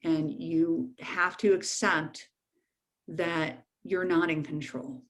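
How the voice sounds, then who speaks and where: A woman's voice: low voice, steady tone, slow, a bit bright. A middle-aged woman counselor giving a frank, informal webinar talk to teens, repeating key points for emphasis. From United States.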